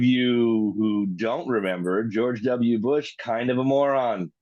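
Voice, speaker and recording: A man's voice: medium pitch, takes it slowly, hardly any pauses, darkish tone, slight background noise. A man co-hosting a podcast, teasing his partner in casual banter with sarcastic, profane jabs. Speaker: podcast co-host.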